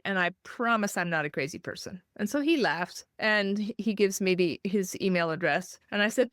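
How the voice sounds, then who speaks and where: A woman guest telling a personal story in an interview, animated and acting out the voices she quotes. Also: mid-range voice, a little fast, few pauses, no room sound, clean studio sound. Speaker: guest author.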